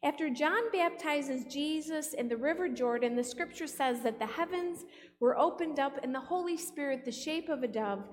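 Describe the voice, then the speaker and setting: A woman's voice: high voice, normal speed, slight background noise. A woman pastor delivering a playful sermon, often putting questions to the congregation. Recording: long hall reverb.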